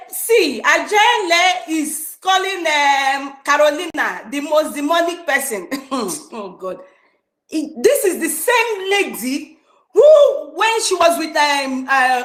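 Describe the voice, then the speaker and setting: A woman's voice: high-pitched, a bit bright. A woman in a heated political rant, scornful and mocking. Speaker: online group speaker. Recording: roomy echoey online audio.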